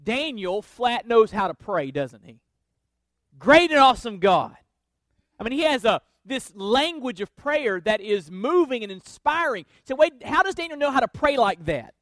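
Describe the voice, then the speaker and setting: A man with a notably high voice preaches a sermon, building his points through emphatic, repeated refrains. The sound is dry and close, with no room around it. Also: very animated, normal speed, hardly any pauses, fairly bright tone, no room sound. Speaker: pastor.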